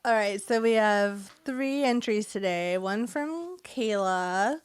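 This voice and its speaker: A woman's voice: medium pitch, takes it slowly, a little hiss or hum. A woman co-hosting a podcast in casual chat, telling stories and laughing often. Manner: laughs often, animated storytelling. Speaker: podcast co-host.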